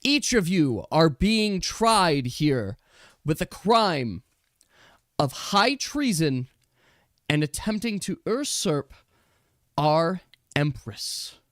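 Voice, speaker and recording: Man playing a court official, formal, slow, measured. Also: fairly high pitch, very animated, a bit bright, no echo, studio quality, full character voice.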